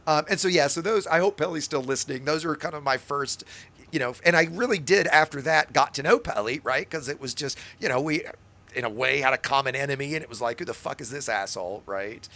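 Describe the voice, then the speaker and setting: A man's voice: fairly high pitch, fairly quick. A man hosting a game stream, telling stories in casual chat, swearing freely and tagging his sentences with "right?". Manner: animated storyteller, swears freely, many "right?" asides.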